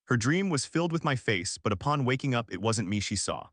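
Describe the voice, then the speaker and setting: A man narrating an emotional story in first person, steady and earnest. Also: medium pitch, brisk, no echo, studio quality.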